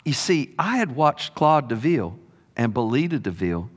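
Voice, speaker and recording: A man preaching a sermon as a story, slow and expressive, dropping his voice softly on key words. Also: mid-range voice. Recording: long hall reverb.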